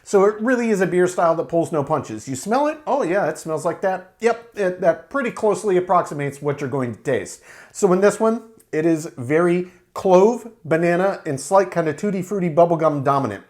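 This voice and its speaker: A man reviewing a beer to camera in a relaxed, explanatory way, with frequent fillers. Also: sits high, a little fast.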